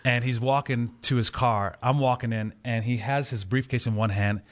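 A man's voice: medium pitch, fairly even intonation, moderate pace. A man in his forties, a pastor, telling a funny story on a podcast with frequent laughter.

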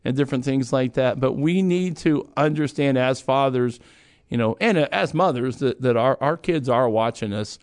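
A man's voice: mid-range voice, moderate pace, darkish tone. A middle-aged man talking casually as a host, rambling with restarts and fillers and chuckling now and then. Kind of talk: casual conversational chat.

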